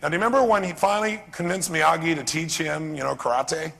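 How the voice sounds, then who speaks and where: Casting: animated male motivational speaker, rapid and bright, quizzing a crowd. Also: on the high side, creaky. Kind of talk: live seminar talk. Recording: long reverb of a seminar hall.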